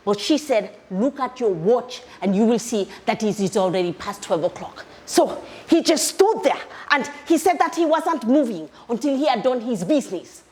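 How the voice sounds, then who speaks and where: A lady putting on an excited young south african woman, high bright voice, telling a story all worked up. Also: moderate pace, few pauses, lightly acted. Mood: excited storytelling. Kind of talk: theatre monologue.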